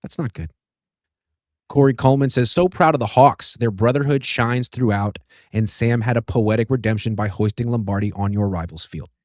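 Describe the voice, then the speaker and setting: A man's voice: medium pitch, moderate pace, a little mellow, no echo. Guy in his 30s, sports show host, reads chat comments, middle voice, dry close sound. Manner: easygoing, reads super chats aloud. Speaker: host reading viewer comments. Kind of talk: casual sports talk.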